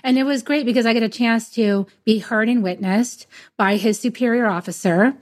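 A woman's voice: a little high, moderate pace. A woman in her fifties hosting a podcast conversation, talking in an earnest, emphatic way. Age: 50s. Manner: earnest and emphatic, speaking up for herself. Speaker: podcast host. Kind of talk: casual conversation.

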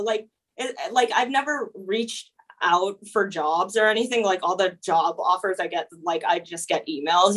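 Casting note: young American woman, relaxed interview guest, lots of "like" fillers, mid-range voice. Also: medium pitch. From USA. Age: young adult. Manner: relaxed, frequent "like" fillers, laughs easily. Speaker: illustrator and painter guest. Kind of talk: casual interview chat.

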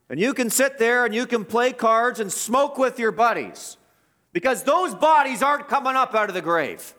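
A man preaching a sermon, swinging between loud emphatic bursts and hushed passages, and asking his listeners questions. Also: high-pitched.

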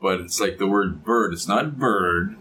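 Older male guest, low voice, laid-back chuckling storyteller, casual podcast chat. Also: animated, moderate pace, a bit bright, low-quality recording. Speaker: guest, father of a co-host.

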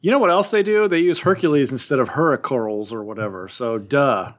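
A man's voice: medium pitch, brisk. A man co-hosting a podcast in casual, chatty banter. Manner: chatty, lively, trails off quietly. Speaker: podcast co-host. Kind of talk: casual chat.

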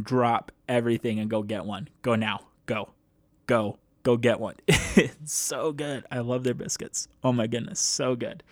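A man's voice: mid-range voice, no room sound. A man hosting a podcast, talking in a casual, enthusiastic way with frequent laughs. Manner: enthusiastic, chatty, laughs often. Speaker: podcast host.

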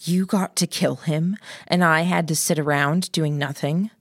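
A woman's voice: low voice, fairly even intonation, unhurried, no echo, clean studio sound. A woman reading an audiobook, voicing a blunt young girl who sounds accusatory. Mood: accusing.

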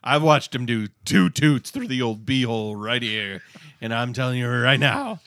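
A man's voice: mid-range voice, moderate pace, fairly bright tone. A man co-hosting a podcast, joking around and riffing absurd mock-ad bits. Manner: jokey, riffs absurd bits. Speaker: podcast co-host. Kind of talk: casual comedic chat.

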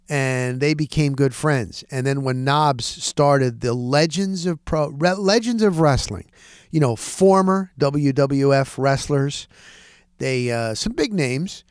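A man spins casual stories as a podcast host, animated and quick to act out the voices of the people in them. His voice sits somewhat high for a man. The sound is close and dry, with no room around it. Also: smooth, no echo. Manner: animated, acts out quoted dialogue. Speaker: podcast host and sports reporter. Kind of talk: casual storytelling.

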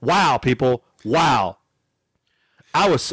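A man's voice: fairly high pitch, slow, slightly rough, dry recording. A man telling a story on a casual podcast, acting out the people he quotes and swearing freely. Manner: animated storytelling, acts out quotes, swears a lot. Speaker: podcast co-host.

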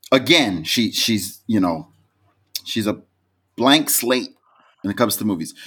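A man co-hosting a podcast, telling a story in casual chat. He is animated, swears freely and breaks into high laughing peaks. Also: slightly rough. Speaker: podcast co-host.

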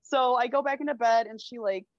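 A woman's voice: a little high, a little fast, no echo, dull audio. A woman casually telling a rowdy story on a podcast, swearing freely and laughing as she goes. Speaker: podcast guest.

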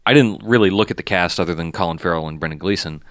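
Deep, smooth-voiced rambling man. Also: quick pace, fairly bright tone, dry recording, studio quality. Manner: rambling, full of ums and swearing. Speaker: podcast host. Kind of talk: casual chat about movies.

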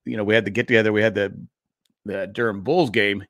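A man's voice: on the low side, steady tone, fast, a bit bright, no room sound, clean studio sound. A middle-aged man co-hosting a podcast, rambling through a story in casual chat with restarts and laughs. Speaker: podcast co-host.

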